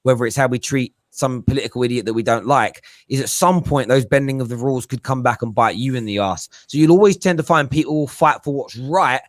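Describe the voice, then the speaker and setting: A man chatting casually as a football podcast pundit, animated and joking, slipping into mimicking voices. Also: mid-range voice, fairly quick, hardly any pauses, dry recording.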